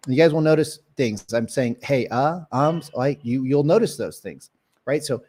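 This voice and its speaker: A man coaching real estate agents in a live sales training session, energetic and acting out phone calls. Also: medium pitch, moderate pace. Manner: energetic, demonstrates calls in mock voices.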